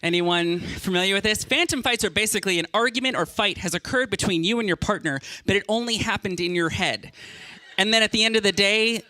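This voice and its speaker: Bright, high-voiced male stand-up comic. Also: brisk, dry recording. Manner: animated storytelling with stammered repeats. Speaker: stand-up comedian. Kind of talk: stand-up comedy set.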